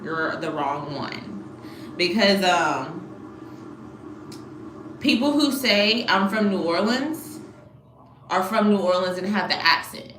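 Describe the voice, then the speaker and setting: A woman's voice: fairly low pitch, takes it slowly, pauses often, a bit bright, slight background noise. Blunt woman livestreaming in an echoey room. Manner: blunt, scolding a commenter. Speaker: livestream host. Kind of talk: casual live chat to viewers.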